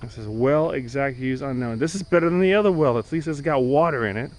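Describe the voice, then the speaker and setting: A man's voice: medium pitch, quick pace, poor audio. A man vlogging a casual walking tour of outdoor ruins on a handheld camera, chatty and joking as he thinks aloud.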